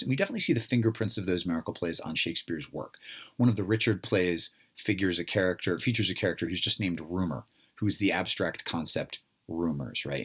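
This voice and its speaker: A man's voice: low voice, a bit bright. A man from the United States giving an informal lecture, talking conversationally with many fillers and asides.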